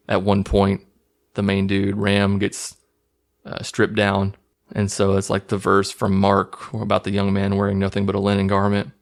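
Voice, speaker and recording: A man's voice: on the low side, gravelly. A man hosting his own channel, casually recapping a movie in a rambling, profane, amused way. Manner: rambling, profane, laughing at scenes. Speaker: movie review host.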